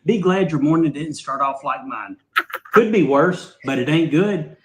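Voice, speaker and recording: A man talking casually into his phone with wry, deadpan humor. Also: fairly high pitch, a little slow, noisy background. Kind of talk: casual phone video monologue. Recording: echoey room.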